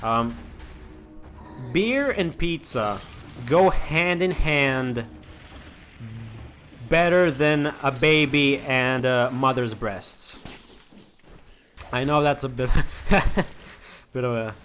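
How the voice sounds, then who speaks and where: A man's voice: mid-range voice, takes it slowly, pauses often, a bit bright, slight background noise. A young man hosting a let's-play, chatting casually as he plays, rambling with lots of restarts and fillers. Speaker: gaming channel host.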